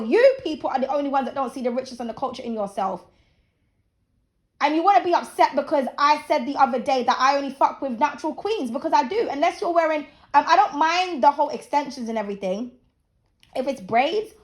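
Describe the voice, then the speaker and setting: Blunt high-voiced woman in her thirties. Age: 30s. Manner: blunt, profane, preachy. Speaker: channel host. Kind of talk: casual opinion rant to camera.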